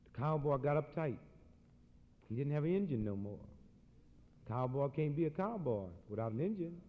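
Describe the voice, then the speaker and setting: A man delivering a satirical storytelling monologue in a preacherly, animated way, with folksy slang. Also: fairly high pitch, normal speed. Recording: dull lo-fi recording in an echoey hall.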